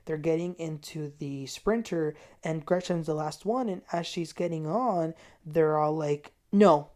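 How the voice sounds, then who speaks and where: Woman, casual reality TV recap, animated storyteller, lowish voice. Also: measured pace. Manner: animated storytelling, quotes people in a raised voice. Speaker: TV recap host.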